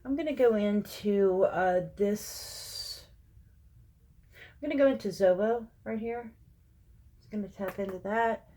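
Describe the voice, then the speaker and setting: A woman's voice: mid-range voice, slow pace, pauses often, dark tone. Chatty woman doing a makeup tutorial. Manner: chatty, rambling, gets heated when venting. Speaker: makeup vlogger.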